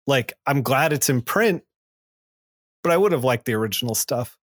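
A man co-hosting a casual comics podcast, playful and quick to joke. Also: mid-range voice, expressive, no echo, clean studio sound. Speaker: podcast co-host. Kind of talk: casual chat about comics.

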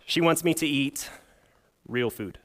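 A man's voice: on the high side, unhurried. Man preaching a casual sermon. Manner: storytelling with humor, rhetorical questions. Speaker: pastor.

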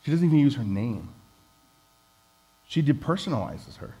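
A man's voice: medium pitch, big pitch swings, moderate pace, dark tone, husky, rough recording. A man preaching a conversational sermon, candid and self-deprecating as he talks with the congregation.

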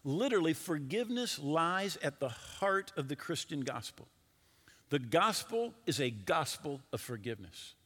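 A male pastor preaching a sermon in an animated way, asking his listeners questions directly. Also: fairly high pitch, moderate pace, husky. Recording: long hall reverb.

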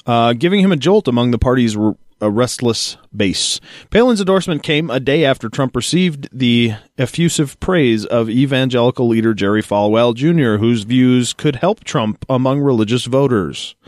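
In a casual podcast chat, a man co-hosts by reading news excerpts aloud, then joking and laughing about them with his partner. His mid-range voice has a darkish tone and moves at normal speed, captured in a dry, studio-quality recording.

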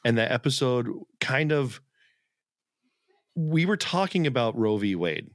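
A man's voice: mid-range voice, lively intonation, a little slow, no echo, studio quality. A man co-hosting a podcast, chatting casually over a video call and laughing often between restarts. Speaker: podcast co-host. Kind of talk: casual chat.

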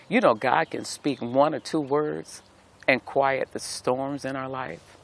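Gravelly-voiced preacher with a rhythmic cadence. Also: male voice, medium pitch, fairly even intonation, slow. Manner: warm preacherly cadence with repeated phrases. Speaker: pastor. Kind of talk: devotional talk. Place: outdoors in nature.

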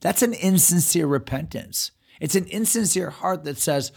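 A man preaching an expository sermon in earnest, paraphrasing scripture in a lively voice, with small restarts. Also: a little high, moderate pace, gravelly, few pauses, breathy edge. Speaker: pastor. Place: church.

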